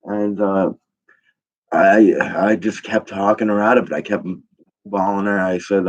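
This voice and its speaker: A young man with a very low voice spins a rambling, swear-heavy comic story, stacking fillers as he goes. The sound is dull and lo-fi. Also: fairly even intonation, unhurried. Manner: profane, rambling, full of fillers. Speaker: comedian. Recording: dull lo-fi recording.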